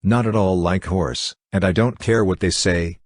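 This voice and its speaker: Man reading chatty young woman, confiding, low voice, husky. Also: steady tone, moderate pace, no room sound.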